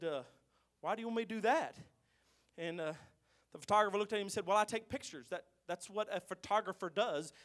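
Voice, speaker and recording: High, bright-voiced preacher shouting sermon. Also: male voice. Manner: swings from quiet storytelling to shouted, drawn-out exclamations; tells jokes in a folksy way.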